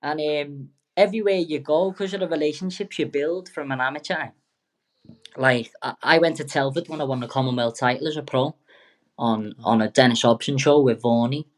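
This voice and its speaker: Young lad, guest boxer; loose, sweary, jokey storyteller who keeps backtracking. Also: male voice, a little high, normal speed. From England. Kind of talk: casual storytelling interview.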